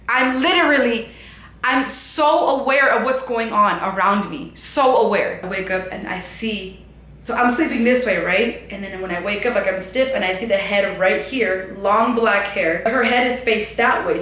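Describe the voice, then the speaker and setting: Bright-voiced young woman telling a story. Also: mid-range voice. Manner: animated, full of "like" fillers, dramatic retelling. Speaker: vlogger. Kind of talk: casual storytelling to camera. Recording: roomy echo.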